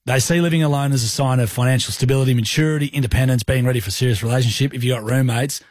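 Man, Australian accent, thirties, husky, dry studio sound, joking radio co-host. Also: mid-range voice, steady tone, very fast, darkish tone, dry recording. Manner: joking, laid-back, slangy. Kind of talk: casual on-air banter. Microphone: studio broadcast mic.

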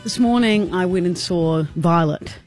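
A woman's voice: unhurried, faint music behind. A young woman co-hosting a radio show, telling a story in casual banter and laughing often as she acts out what people said. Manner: animated, acts out quotes with high squeaky voices, laughs often. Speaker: radio co-host.

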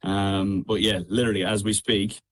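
Laid-back Irish man, low voice. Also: flat delivery, moderate pace. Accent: Irish, midlands. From Ireland. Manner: easygoing, laughs often, frequent ums and restarts. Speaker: guest singer. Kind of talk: casual radio interview. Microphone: remote call.

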